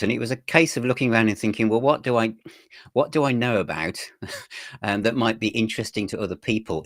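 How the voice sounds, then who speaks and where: Deep-voiced man, relaxed storyteller. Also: no room sound, clean studio sound. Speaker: guest, magazine editor. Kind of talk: casual interview chat.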